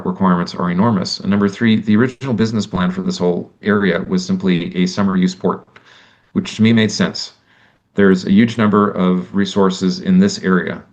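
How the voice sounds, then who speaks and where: A man giving a conversational lecture, animated and exasperated, acting out imagined exchanges and often restarting his sentences. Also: deep voice, dull audio. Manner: many restarts and self-corrections.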